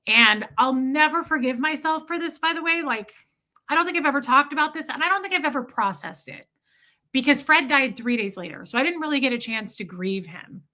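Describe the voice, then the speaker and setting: Bright-voiced woman telling a raw story. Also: medium pitch, brisk. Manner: rambling, candid, emotional, swears freely. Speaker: podcast host. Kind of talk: personal storytelling monologue.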